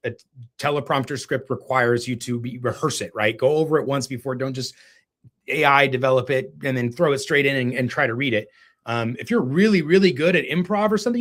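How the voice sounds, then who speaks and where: A man in a casual live-stream tutorial, coaching his viewers directly and calling them guys. His pitch sits at an ordinary middle height for a man. He talks through a home phone setup in a relaxed, practical way. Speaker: real estate video coach.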